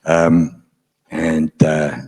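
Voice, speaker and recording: A man's voice: a bass voice, completely flat delivery, very slow, a little mellow. A middle-aged man, a guest on a convention panel, telling a story to a live audience in a frank, profane, dryly humorous way.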